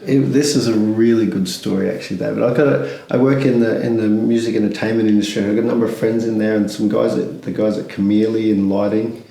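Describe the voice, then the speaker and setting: A man's voice: on the low side, little pitch movement, fast talker, creaky, few pauses, mellow, echoey room, low-quality recording. A man, speaking candidly as an interview guest, rambling with many restarts and fillers.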